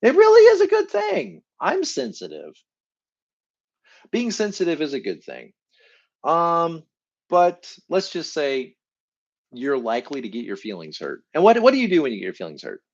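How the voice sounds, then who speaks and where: A middle-aged man giving a live teaching talk as a coach, animated and acting out what people say in a higher voice. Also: normal speed, creaky, long pauses, muffled recording. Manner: animated, acts out quoted voices in a higher pitch. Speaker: enneagram coach.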